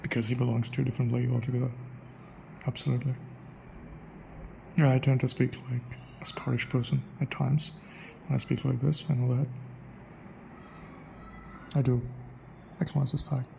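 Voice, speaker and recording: His mid-range voice is level and warm with vocal fry, and he pauses often at a normal speed over a low-quality recording with a little hiss or hum. He's a young man working on an accent, musing in a casual monologue and repeating phrases to try them out.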